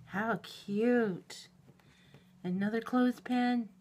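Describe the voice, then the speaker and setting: A middle-aged woman opening a mail package in a home vlog, gushing and giggling, shaky with excitement. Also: on the high side, slow. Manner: gushing and giggly, exclaims often. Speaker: YouTube reviewer. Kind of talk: unboxing vlog.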